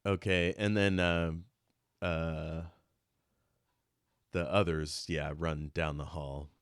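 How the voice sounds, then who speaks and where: A man running a tabletop game as game master over a video call, relaxed and quick to laugh. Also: a bass voice, smooth, dry recording, studio quality.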